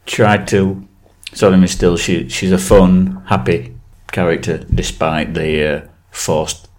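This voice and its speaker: Male podcast co-host, low-ish voice, rambling and crude, laughs often. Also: level tone, slow pace, a little mellow. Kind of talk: casual chat.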